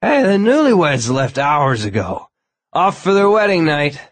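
A man putting on a loud drunk wedding guest. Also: medium pitch, fairly even intonation, slow pace, gravelly, no room sound, pitched above the performer's own voice, full character voice. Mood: drunk jovial.

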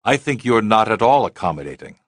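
A middle-aged aristocrat who bristles when questioned, answering fast with a faint pompous air, as a storyteller puts him on. The voice sits low yet reads husky and close. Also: male voice, sing-song, dry recording. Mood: defensive. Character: defensive middle-aged aristocrat man, drinks nightly.

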